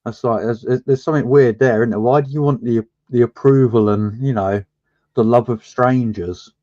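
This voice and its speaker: A British man chatting on a live voice call, wry and relaxed, often stumbling over his first words. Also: mid-range voice, normal speed, no echo. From Britain. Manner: wry, relaxed, stammers on starts. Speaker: panel guest. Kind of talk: casual banter. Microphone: online voice chat. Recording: slightly dull lo-fi voice-chat mic.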